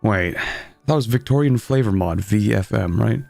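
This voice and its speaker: A man's voice: on the low side, moderate pace, creaky, mellow, no room sound, soft background music. A young man streaming a strategy game, talking casually in a sleepy, rambling way while he explains his moves. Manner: sleepy, rambling, self-deprecating.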